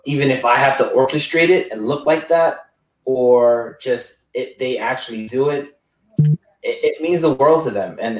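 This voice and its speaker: A man caring for his father, telling rambling stories in a casual group chat and acting out the voices he quotes. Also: mid-range voice. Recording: roomy, distant mic.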